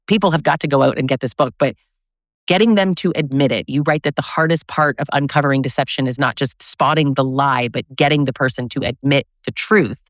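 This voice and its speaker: A woman's voice: very deep voice, brisk, dry recording, studio quality. A woman hosting a podcast, asking long, earnest questions with frequent restarts. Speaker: podcast host. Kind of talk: podcast interview.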